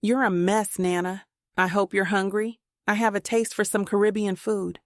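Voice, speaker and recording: A woman voicing a relaxed young man who jokes easily with his grandmother. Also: mid-range voice, normal speed, no echo, clean studio sound, natural voice. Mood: easygoing.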